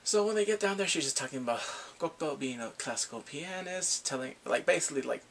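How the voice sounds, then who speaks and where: A man casually recapping drama episodes, animated and laughing often, acting out the characters' lines. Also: fairly high pitch, quick pace, creaky, slight background noise. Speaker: drama reviewer.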